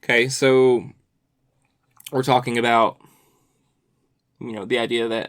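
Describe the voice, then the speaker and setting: A man's voice: medium pitch, level tone, a little slow, fairly bright tone. A man hosting a casual podcast, asking loose questions and nodding along with short replies. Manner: brief affirming interjections, loose questions. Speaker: podcast host.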